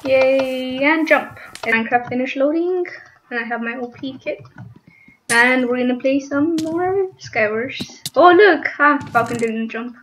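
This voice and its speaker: A woman's voice: sits high, measured pace, fairly bright tone. A young woman chatting casually over her gameplay, giggling and squealing now and then. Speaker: gaming channel host. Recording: dull lo-fi mic with faint noise.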